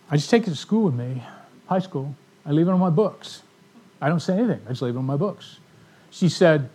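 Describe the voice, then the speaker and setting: Guy preaching, raspy voice a bit high, acts out all the people in his stories. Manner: animated storyteller, acts out quoted voices. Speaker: ministry speaker. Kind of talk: storytelling sermon talk.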